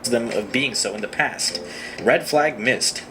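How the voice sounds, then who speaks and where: A man's voice: medium pitch, a little slow. A man in his thirties giving wry, self-mocking scripted comic narration of his own story. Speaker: animated storyteller. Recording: noisy played-back video clip.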